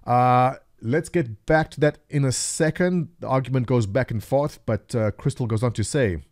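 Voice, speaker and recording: A man delivers casual gaming news commentary into a close mic, in a mid-pitched voice that suits his sarcastic aside. The recording is dry, with no room sound around him. His manner stays wry and relaxed. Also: moderate pace, hardly any pauses, no echo. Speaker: gaming news video host.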